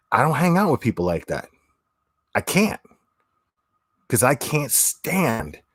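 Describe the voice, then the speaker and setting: A man's voice: mid-range voice, breathy edge, no echo, clean studio sound. A man hosting a livestream, talking bluntly and opinionated, swearing and repeating phrases as he reads chat. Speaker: livestream host.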